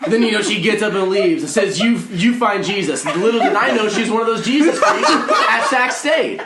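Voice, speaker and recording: A man's voice: sits high, brisk, a crowd in the background. A young man hosting a podcast, talking casually with crude jokes and frequent laughter. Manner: crude joking, laughs often. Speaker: podcast host. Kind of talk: casual banter. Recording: echoey room with noise.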